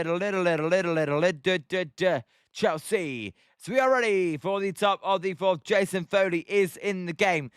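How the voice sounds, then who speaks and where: Young British male streamer, high and bright register, clean dry close-mic sound, casual self-deprecating chat. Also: clear, resonant tone, dry recording. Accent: British English. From Britain. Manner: chatty, self-mocking, reads chat aloud. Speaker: livestream host watching baseball.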